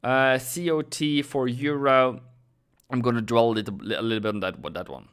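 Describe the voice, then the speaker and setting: A man's voice: medium pitch, normal speed, fairly bright tone, clean tone. A young man with a non-native English delivery, hosting a live forex market analysis and talking viewers through charts with many fillers and self-corrections. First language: Norwegian. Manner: talks directly to viewers, thanks subscribers. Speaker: forex trading host.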